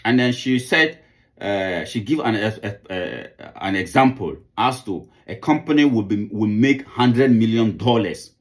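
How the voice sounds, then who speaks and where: A man's voice: fairly low pitch, lively intonation, unhurried. A man from Sierra Leone giving impassioned political commentary. He often repeats words while searching for them, then builds to indignant outbursts.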